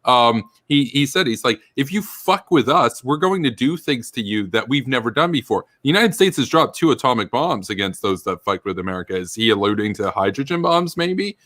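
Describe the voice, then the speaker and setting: A man's voice: mid-range voice, lively intonation, brisk, few pauses, a bit bright, no room sound. A man hosting a political commentary chat, heated and ranting, swearing freely as he talks.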